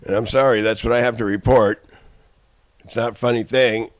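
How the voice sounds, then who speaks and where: A man in a rambling, profane personal rant, swinging between shouting and muttering. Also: mid-range voice, steady tone, normal speed, no echo. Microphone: handheld camera.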